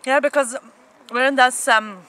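This family channel host's voice sits high and sounds smooth and fairly bright, with a steady tone and moderate pace, though the audio is poor. She's eating on the ground at an outdoor festival for a casual mukbang, chatting keenly between bites and often saying mm-hmm, with faint festival noise around.

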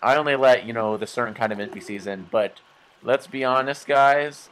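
A man's voice: mid-range voice, normal speed, a bit bright, rough recording. A man hosting a game let's play, talking casually with rambling, jokey, self-mocking asides. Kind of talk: casual gameplay commentary.

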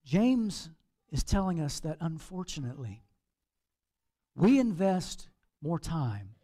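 High-voiced man preaching an animated sermon. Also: slow. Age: over 40. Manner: animated, playful preaching with acted asides. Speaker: pastor.

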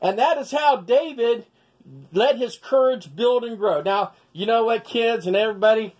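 A man's voice: extremely high pitch, normal speed, a little mellow. A man telling a Bible story as a children's lesson with stuffed animals, folksy and full of sound effects. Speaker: storyteller teaching children's values.

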